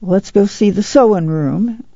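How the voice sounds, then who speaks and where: A proud, poor woman speaks in a fierce, bitter and hoarse voice, as an audiobook reader puts her on. It comes through gravelly and dark in a dry, dull lo-fi recording. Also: medium pitch, unhurried, no room sound, pitched above the performer's own voice.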